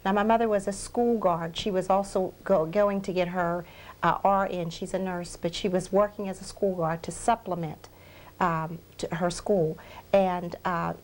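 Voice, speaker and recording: A woman's voice: fairly low pitch, steady tone, normal speed, a little mellow, low-quality recording. A woman minister giving a heartfelt, emotional testimony in an interview, earnestly repeating phrases for emphasis. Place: research center.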